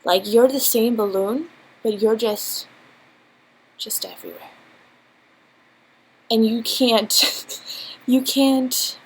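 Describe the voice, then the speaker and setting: A young woman at home tells a storytime vlog indoors into her laptop's built-in mic, rambling and giggling with many fillers. Her slightly high voice is slow, with a darkish, slightly rough tone, and the recording quality is low.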